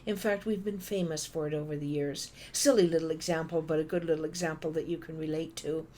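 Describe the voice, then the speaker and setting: A Canadian woman giving a motivational conference talk, telling stories and acting out phone calls in an animated way. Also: deep voice, fairly quick, slight background noise. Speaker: conference speaker.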